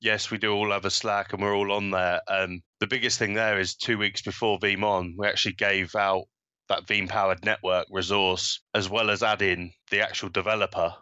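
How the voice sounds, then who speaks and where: A man speaking as a podcast guest, eager and halting, with many repeated words. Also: on the low side, flat delivery, sharp tone, smooth, no echo, highs cut off. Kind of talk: casual podcast chat.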